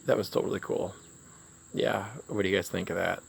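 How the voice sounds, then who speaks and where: A man filming a casual vlog outdoors, talking in an excitable, jittery way and exclaiming in disbelief. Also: deep voice, fairly quick, creaky, slight background noise. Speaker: vlogger. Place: outdoors by flowers.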